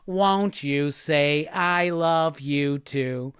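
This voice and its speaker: A man putting on the voice of a cheerful, friendly purple male dinosaur, crooning slowly with a nasal tone. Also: a little high, a bit bright, clean tone, dry recording, clean studio sound, pitched below the performer's own voice. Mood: sweet crooning. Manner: slow sing-song crooning.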